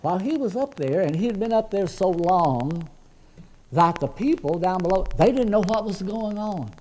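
A man's voice: sits high, lively intonation, moderate pace, warm tone, low-quality recording. A man preaching a sermon as pastor, earnest and conversational, often restarting his words.

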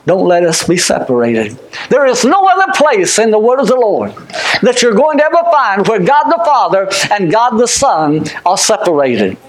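A man preaching a sermon, shouting out some lines and dropping low on others, repeating himself while he looks up scripture. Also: big pitch swings, normal speed, low-quality recording. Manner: emphatic, swings between shouting and hushed tones; repeats words, fumbles while looking up scripture.

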